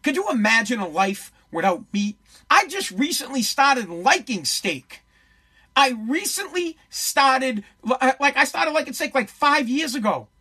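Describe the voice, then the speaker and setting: A woman's voice: high voice, big pitch swings, unhurried, bright, forceful tone, breathy edge. A woman delivering a heated, profane political rant to camera, hammering her points with repeated rhetorical questions.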